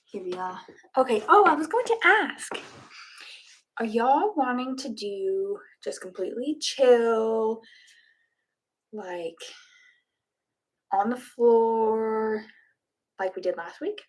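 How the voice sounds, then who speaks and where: A woman's voice: a little high, lively intonation, slow, long pauses, husky. A woman chatting casually and giggling with her students and her cats before a live online yoga class. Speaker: yoga instructor.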